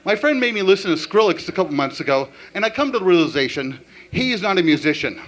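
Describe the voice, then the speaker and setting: Animated male stand-up comedian. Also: sits high, fast. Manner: animated, punchline-driven delivery.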